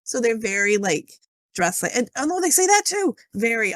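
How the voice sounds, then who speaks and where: A woman's voice: fairly high pitch, big pitch swings, normal speed, fairly bright tone, dry recording. A woman co-hosting a podcast in casual chat, giving wry commentary on a movie. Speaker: podcast co-host.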